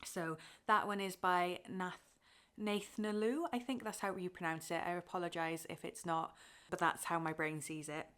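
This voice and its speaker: A woman's voice: lowish voice, steady tone, moderate pace, a bit bright. Chatty, emotional young woman vlogger. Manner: chatty and emotional, with frequent fillers and laughs. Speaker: cross-stitch vlogger. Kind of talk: casual chat to camera.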